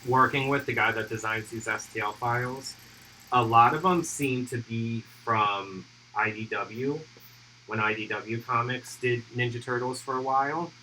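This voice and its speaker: In a rough recording with a little hiss or hum, a miniature painting livestream host speaks in a mid-range voice at a measured pace. He's hiccuping but relaxed, thinking aloud as he casually explains his airbrush work.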